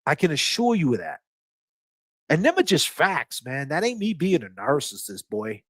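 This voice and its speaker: A man's voice: a little high, huge pitch swings, normal speed, fairly bright tone, breathy edge, no room sound. A man hosting a livestream in casual talk. He is emphatic and profane, preaching and repeating his phrases for force. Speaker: livestream host.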